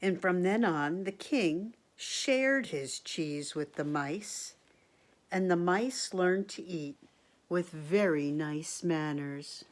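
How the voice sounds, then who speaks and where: A woman teacher reading a picture book aloud to children, expressive, gasping and asking the listener questions. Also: fairly low pitch, takes it slowly.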